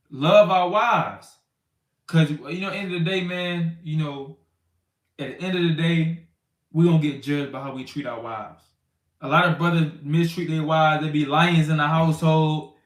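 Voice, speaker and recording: A man's voice: a little high, reverberant. Man casual street-talking Bible teacher. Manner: conversational, loose street talk with many "you know what I'm saying"; acts out quarrels in raised, shouting voices. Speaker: teacher of a congregation.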